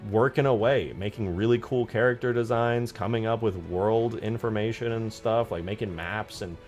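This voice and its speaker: A man's voice: lowish voice, a little mellow. A young man streaming his game modding, chatting casually and profanely as he rambles and answers chat. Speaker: live streamer, game modder. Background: faint music.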